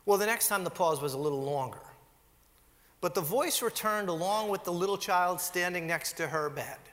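A man preaching in a church, his voice high and bright and swinging widely in pitch as he acts out every quote. His words ring out under a long hall reverb. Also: moderate pace. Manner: animated storytelling, acts out quotes. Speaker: pastor. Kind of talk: sermon.

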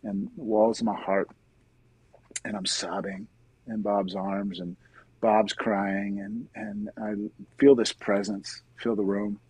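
A middle-aged man, a guest in an interview, earnestly telling his personal faith story in a soft-spoken, conversational way. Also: fairly low pitch, expressive, takes it slowly, vocal fry, husky, dry recording, low-quality recording.

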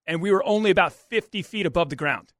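A man co-hosting sports radio, telling a story with excitement and acting out what people said, in a studio. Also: high-pitched, fast talker, dry recording. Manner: excitable storyteller, lots of restarts and acted-out quotes. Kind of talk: animated storytelling on a radio show.

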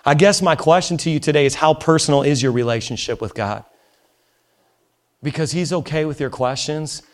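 A pastor with a bright, high voice preaches to his congregation. He swings from quiet, intimate asides to fervent, near-shouted appeals. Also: moderate pace. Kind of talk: sermon. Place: church auditorium.

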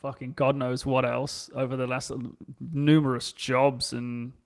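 A young English man chatting casually and telling stories, animated and swearing freely, acting out the people he quotes. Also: medium pitch, unhurried, creaky. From England. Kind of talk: casual chat, storytelling.

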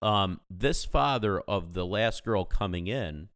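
A man's voice: deep voice, animated, slow pace, fairly bright tone, dry recording. A man in his thirties, a podcast co-host, telling a story in casual chat and animatedly acting out the people in it. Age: 30s.

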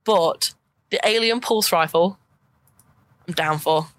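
A young woman in casual chat, animated and quick to laugh. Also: on the low side. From United Kingdom.

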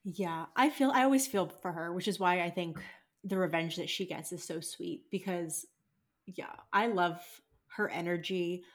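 A young woman in casual podcast conversation with a slightly low voice. She talks in a measured, reflective way and works through her thoughts aloud. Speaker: podcast co-host. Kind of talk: casual chat.

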